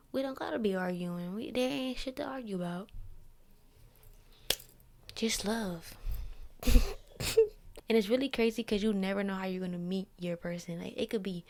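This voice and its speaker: A woman's voice: medium pitch, darkish tone. A young woman hosting a solo podcast, giving blunt, profane, preachy relationship advice in casual slang. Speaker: podcast host. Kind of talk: candid solo venting podcast.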